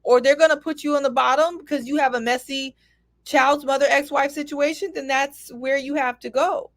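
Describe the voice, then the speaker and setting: A woman panelist with a higher voice lays out her opinion firmly and emphatically. The sound is dry and close. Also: steady tone, normal speed, no room sound. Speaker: podcast panelist. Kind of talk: casual panel discussion.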